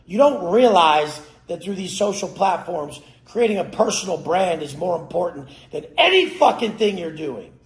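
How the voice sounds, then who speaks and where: A man giving a profane, aggressive motivational rant, cursing and yelling at his listeners. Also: high voice, expressive, normal speed, vocal fry, hardly any pauses. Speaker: motivational speaker. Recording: roomy echo.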